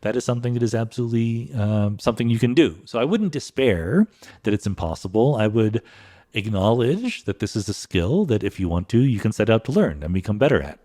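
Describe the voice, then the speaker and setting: A man's voice: on the low side, animated, fairly quick, warm tone. A middle-aged man hosting a solo podcast, answering listener questions in a thoughtful, conversational way with frequent fillers.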